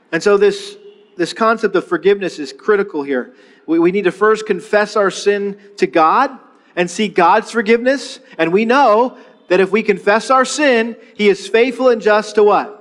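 Pastor, male, middle-aged: a high, talky sermon voice full of restarts and call-and-response, recorded in a big reverberant sanctuary. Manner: leads the congregation in call-and-response repetition; conversational, with frequent restarts and rhetorical questions. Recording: long reverb of a large hall.

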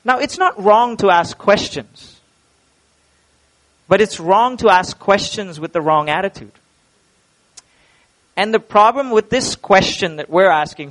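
High-voiced emphatic male preacher. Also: unhurried, long pauses, a bit bright, rough recording. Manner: emphatic, rhetorical questions, repeats words. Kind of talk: sermon.

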